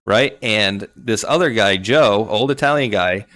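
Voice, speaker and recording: A man's voice: on the low side, a little slow, a bit bright, no room sound. A man hosting a livestream show, chatting casually and telling rambling, jokey stories.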